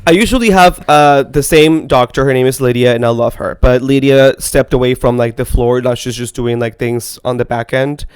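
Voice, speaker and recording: A man co-hosting a casual podcast chat, congested from a sinus infection, chatty and rambling with quick laughs. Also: mid-range voice, clean tone, dry recording. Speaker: podcast co-host.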